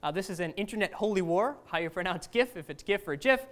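A woman's voice: fairly low pitch, fast talker. A woman teaching a class in a casual, conversational lecture, often asking the students questions.

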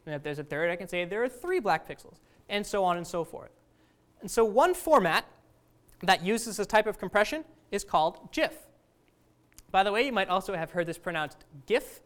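A woman's voice: mid-range voice, expressive, brisk. A woman teaching a class in a casual, conversational lecture, often asking the students questions.

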